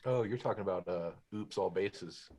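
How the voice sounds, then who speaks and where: Male bandmate, husky deep voice, deadpan wry chatter. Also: normal speed. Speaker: band member. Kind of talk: casual chat.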